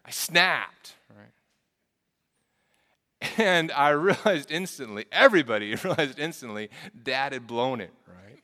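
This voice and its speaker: A man delivers a sermon in an earnest, storytelling way, often restarting his phrases and repeating words. His voice is bright and forceful. It rings out with the long reverb of a large hall. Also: mid-range voice, lively intonation, measured pace. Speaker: pastor.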